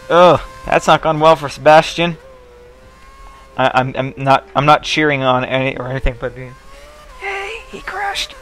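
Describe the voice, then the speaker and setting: A man's voice: mid-range voice, a bit bright, a little hiss or hum. A young man giving casual, rambling commentary over a racing video game, joking and swearing as he goes. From United States.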